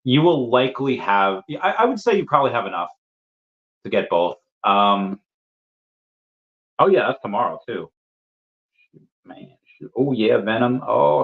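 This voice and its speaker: A man hosting a casual livestream, reading viewer comments aloud and answering them with playful asides. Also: mid-range voice. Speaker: livestream host. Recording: dull lo-fi stream audio.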